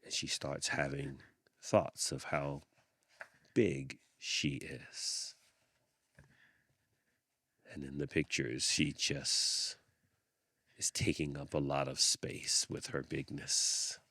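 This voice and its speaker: A man hosting a podcast, reading a picture book aloud with expressive storytelling and thoughtful hums. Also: a bass voice, takes it slowly, pauses often, breathy edge, no room sound, studio quality. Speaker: podcast host.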